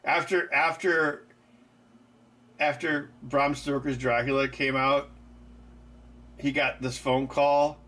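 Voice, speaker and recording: A man's voice: medium pitch, flat delivery, slow pace, long pauses, a bit bright. A man hosting a live stream, chatting casually with viewers in a rambling, loose way with lots of fillers. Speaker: livestream host. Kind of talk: casual chat answering live chat.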